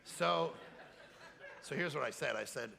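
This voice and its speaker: Animated gravelly male preacher. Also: a little slow. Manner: animated storytelling with shouted high peaks. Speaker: pastor. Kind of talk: sermon. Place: camp meeting hall.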